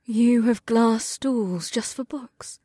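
A man voicing a shy, bookish young woman from another world, speaking softly and breathily in an audiobook. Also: high voice, normal speed, no echo, studio quality, pitched above the performer's own voice, lightly acted. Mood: wondering. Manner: breathy, soft, reverent. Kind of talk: audiobook character voice.

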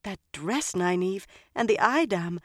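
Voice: medium pitch, expressive, measured pace, no echo, studio quality, natural voice. An audiobook narrator voicing a shaken young woman freed from captivity, her voice quivering, then turning bitter. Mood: shaky wonder. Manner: quivering, rising to sharp outbursts.

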